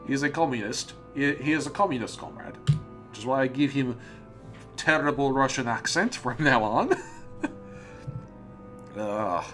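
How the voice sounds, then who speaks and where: A man's voice: medium pitch, lively intonation, a little slow, long pauses, fairly bright tone, soft background music. A man hosting a let's play, reading a visual novel aloud with amused commentary and frequent stumbles. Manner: amused, often laughing and stumbling over words.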